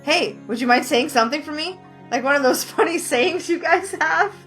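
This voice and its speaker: Brief: woman as a bright, playful young heroine in a story game, teasing and upbeat, high voice. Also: moderate pace, soft background music. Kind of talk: reading a visual novel aloud.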